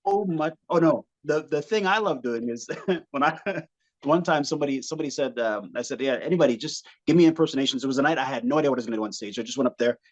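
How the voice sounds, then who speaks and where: Brief: male comedian from Montreal, lively anecdote-teller with an average voice, slightly muffled recording. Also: medium pitch, fast. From Montreal, Canada. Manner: animated storyteller, slips into funny voices and accents. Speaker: comedian guest. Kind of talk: casual podcast chat with impressions.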